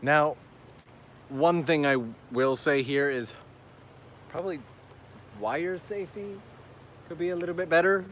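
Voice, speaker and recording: A man's voice: fairly high pitch, moderate pace, a bit bright, slight background noise. Enthusiastic man live-streaming a seaside walk. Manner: enthusiastic, chatty, reads viewer messages aloud. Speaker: travel vlogger hosting a live stream. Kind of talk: casual live-stream walking commentary. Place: outdoors on a seaside island path.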